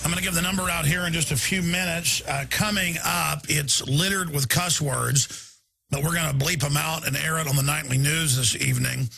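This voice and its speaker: A man's voice: fairly high pitch, pushed and bright, slightly rough. A male talk radio host delivering a rambling, indignant live monologue.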